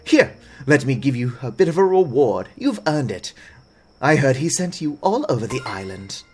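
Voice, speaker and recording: A man voicing a hearty, friendly middle-aged town mayor in a game, speaking loudly and jovially. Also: very animated, normal speed, faint music behind, lightly acted. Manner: loud, booming and jovial.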